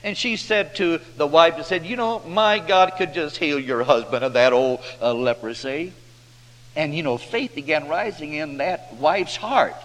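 A man's voice: fairly high pitch, a little slow, a bit bright. Folksy preacher man in an echoing hall. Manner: folksy drawling preacher who acts out the characters' voices. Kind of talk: folksy sermon storytelling. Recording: hall reverb with faint hum.

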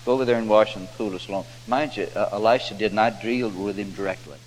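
A man's voice: lowish voice, fast talker. A man preaches in a folksy, homespun manner, acting out the figures of a Bible story as he tells it. His voice rings in a reverberant hall, with a faint hum underneath. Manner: folksy drawling preacher who acts out the characters' voices.

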